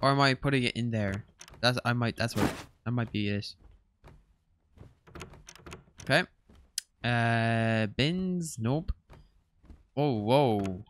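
A man's voice: mid-range voice, lively intonation, slow pace, long pauses, slight background noise. Jumpy young man playing a horror game. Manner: jumpy, swears and yells when startled. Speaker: gaming streamer. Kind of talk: horror game let's-play commentary.

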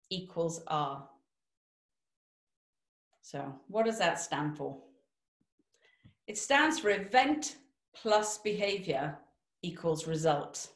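A woman giving a motivational webinar talk, lively and direct, asking the audience questions. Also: medium pitch, reverberant. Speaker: webinar speaker.

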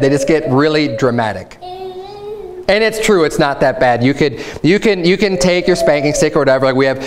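A young adult man preaching a sermon at a church service, frank and conversational, with stories from his own life. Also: on the high side. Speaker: pastor.

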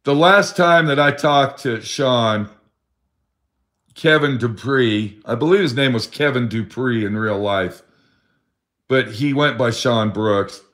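In a slow, mid-range voice with a bit of brightness, a middle-aged vlogger recounts a sad story involving a friend. The telling is rambling and full of profanity, and he acts out what his friend said.

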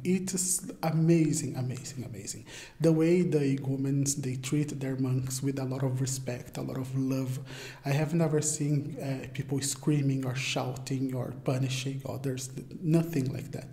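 A young Brazilian man, whose first language is Portuguese, answers interview questions in English with a Brazilian Portuguese accent. He's hesitant, often searching for words, in a casual interview. His voice is medium-pitched and warm, and the recording has a roomy echo.

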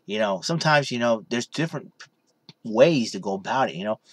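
A man's voice: mid-range voice, sing-song, brisk, creaky, breathy edge, no echo. A young man casually vlogging from his room in his parents' basement, rambling and saying "you know" constantly. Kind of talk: casual vlog chat.

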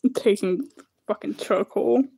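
A woman's voice: medium pitch, unhurried, vocal fry, mellow, slightly rough. A woman streaming a video game, chatting casually with friends, easily startled, laughing and swearing as she plays. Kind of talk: casual gaming commentary.

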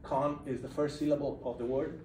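A man giving a university lecture, explaining lively and putting questions to his students in a lecture room. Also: mid-range voice, a little fast, far from the mic. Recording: echoey room recorded from afar, faint noise.

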